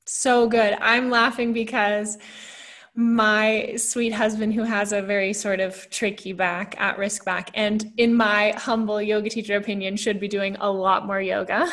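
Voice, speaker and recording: A young woman hosting a casual video interview, bubbly and quick to laugh. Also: mid-range voice, level tone, a bit bright. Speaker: host.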